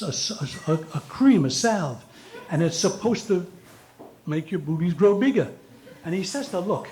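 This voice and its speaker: Older guy doing stand-up, kinda high voice, acts out the lines, trips on a word here and there, echoey room. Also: dark tone, slight background noise. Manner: storytelling, acts out characters, occasional stumbles. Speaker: stand-up comedian. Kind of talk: stand-up joke telling.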